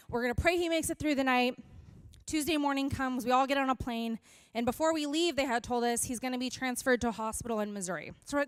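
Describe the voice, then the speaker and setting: A young woman speaking as a youth pastor, giving an earnest and animated sermon that moves from scripture into a candid personal story. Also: on the high side, a little fast, smooth, no room sound. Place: church hall.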